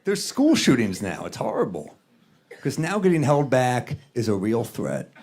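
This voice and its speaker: A man in his thirties doing a stand-up set with dry, deadpan one-liners on a handheld stage mic. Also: mid-range voice, measured pace, heavy background noise. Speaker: stand-up comedian.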